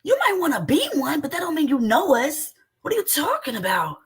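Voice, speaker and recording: A woman giving heated reaction commentary, loud, indignant and mocking, with frequent outbursts. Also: high voice, wildly swooping pitch, fairly quick. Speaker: commentator reacting to a stream clip.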